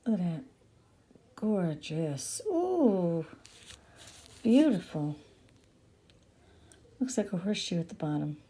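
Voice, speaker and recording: A woman hosting a casual craft tutorial, gushing over her finished pieces with soft exclamations. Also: lowish voice, very animated, takes it slowly, pauses often, breathy edge.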